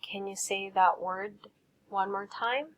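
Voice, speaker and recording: A woman's voice: medium pitch, fairly even intonation, takes it slowly, rough recording. A woman teacher giving a recorded lesson, patiently saying words and asking students to repeat them.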